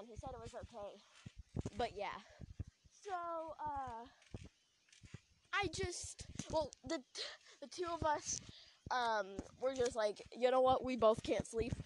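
A woman's voice: on the high side, noisy background. A young woman hosting a podcast, telling a story in a rambling casual way full of likes and ums, recorded outdoors at night. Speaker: podcast host. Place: outdoors at night, sitting on a trampoline.

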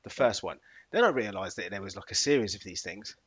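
A man co-hosting a podcast, telling stories in a playful, animated way. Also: lowish voice, fairly quick, breathy edge, muffled recording. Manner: animated, playful, bursts into sung and put-on voices. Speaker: podcast co-host. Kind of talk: casual chat.

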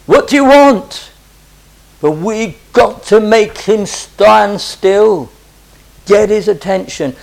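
A man's voice: high-pitched, gravelly. A man preaching a sermon in an impassioned way, pressing his listeners with repeated urgent pleas and rhetorical questions.

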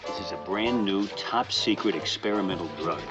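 An actor playing a sly wartime army doctor, speaking smoothly and conspiratorially in a 1970s TV sitcom scene. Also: male voice, low-pitched, normal speed, natural voice. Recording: dull old TV clip under music.

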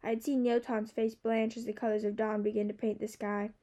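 Female audiobook narrator, slightly high and soft-toned, steady and expressive first-person reading. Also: fairly quick.

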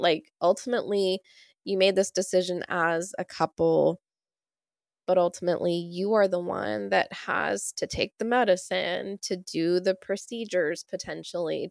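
A woman's voice: medium pitch, gravelly, dry recording, clean studio sound. A woman, a podcast host and relationship therapist, asking questions in a reflective, chatty way. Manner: warm, reflective, says "y'all" and "like". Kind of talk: casual interview chat.

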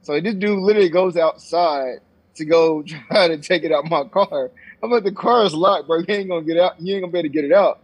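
A young man tells a story at a rapid clip in a husky voice, acting out what people said and swearing freely. His voice sits a bit high, and the recording is dull and lo-fi. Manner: animated storytelling, acts out quotes, swears freely. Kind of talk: casual chat. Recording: dull lo-fi sound.

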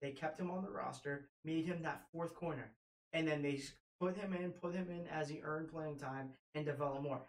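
A man's voice: fairly high pitch, moderate pace, reverberant, low-quality recording. A young man co-hosting a casual sports podcast, giving opinionated, teasing analysis. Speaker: podcast co-host.

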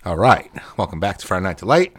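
A man's voice: sits low, very animated, fast talker, heavy background noise. A man co-hosting a podcast in casual chat, laid-back and playful, chuckling often. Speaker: podcast co-host.

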